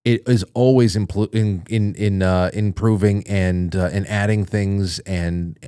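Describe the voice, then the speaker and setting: A man's voice: lowish voice, steady tone, unhurried, dark tone, smooth, no room sound, clean studio sound. A man hosting a call-in show, reading viewer messages aloud in a chatty, jokey way and reacting with surprise. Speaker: radio show host.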